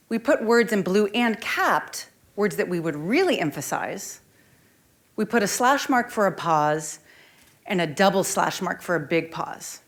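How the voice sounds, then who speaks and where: A woman presentation coach leading a conference workshop, lively and speaking straight to the audience. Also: mid-range voice. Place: conference room.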